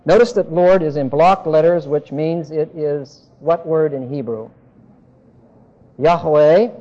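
A man teaching a Bible lesson, animated, acting out the dialogue in the text and repeating himself as he goes. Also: a little high, slow, muffled recording.

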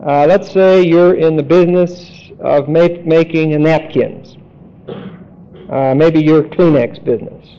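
A man teaching a Bible study lecture, deliberate and emphatic, spelling out Greek words. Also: fairly high pitch, steady tone, warm tone. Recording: dull lo-fi recording.

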